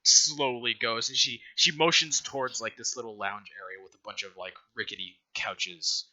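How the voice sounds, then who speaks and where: A man narrating a tabletop game as game master, talking in a halting way with frequent fillers and restarts. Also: medium pitch, fairly even intonation, sharp tone.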